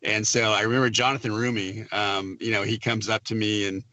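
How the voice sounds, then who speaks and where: Man, film producer guest, casual storytelling, bright tone, close dry sound. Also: on the low side, a little fast, dry recording. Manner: animated storyteller, acts out quotes with laughs.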